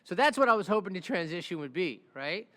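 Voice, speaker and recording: A podcast-hosting criminal defense attorney with a high-pitched voice tells stories at a quick pace, casual and animated. Constantly checking in with "right?", he voices the people in his stories, and long reverb gives the sense of a big, echoey room.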